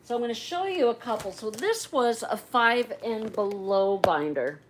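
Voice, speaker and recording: A woman's voice: a little high, expressive, normal speed, slight background noise, low-quality recording. A middle-aged woman hosting a casual livestream, chatting and rambling as she talks straight to her viewers. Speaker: livestream host.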